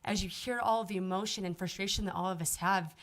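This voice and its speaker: Woman, mid voice, earnest resident at a council podium, steady appeal. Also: medium pitch, quick pace. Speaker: resident giving public comment. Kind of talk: public comment at a council meeting. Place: city council chamber.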